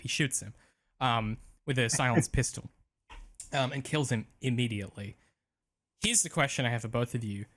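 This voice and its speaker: Man, podcast co-host, casual chat, lots of ums, drifts quieter at line ends. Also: mid-range voice. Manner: chatty, many ums, trails off softly.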